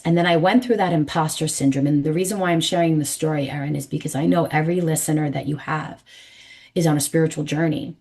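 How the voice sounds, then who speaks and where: Brief: New York woman, forties, numerologist podcast guest, lowish voice, emphatic storyteller. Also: fast. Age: 40s. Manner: animated, emphatic, acts out quoted voices.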